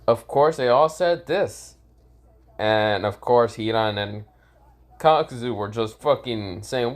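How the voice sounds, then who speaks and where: A man's voice: mid-range voice, slow. A man at home telling an improvised fan story in a casual, rambling way, swearing often and correcting himself. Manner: rambling, profane, self-correcting.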